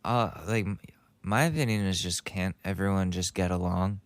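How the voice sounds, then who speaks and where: A man's voice: deep voice, moderate pace, no room sound. Rambling joking young man, dry close mic. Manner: rambling, joking, laughs at own bits. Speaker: podcast host. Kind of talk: casual comedic commentary.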